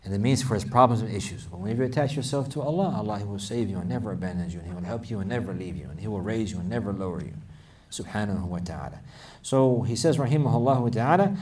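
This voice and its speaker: A man's voice: fairly low pitch, lively intonation, quick pace, a little mellow, far from the mic, a little hiss or hum. A man teaching a religious lesson who repeats phrases for emphasis and rises to intense, emphatic passages. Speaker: Islamic teacher. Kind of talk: religious lesson with Arabic quotes.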